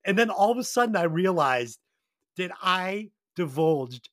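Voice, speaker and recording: A man hosting a podcast with a high, lively voice that swings up and down as he jokes and swears through his stories. The sound is dry and close to the mic. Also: a little slow, no room sound. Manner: profane, joking, animated storytelling. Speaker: podcast host. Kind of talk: casual podcast chat.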